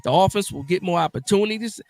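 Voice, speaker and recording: A man hosting a casual live sports talk stream, animated and emphatic, often repeating himself for emphasis. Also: high voice, fast, no echo.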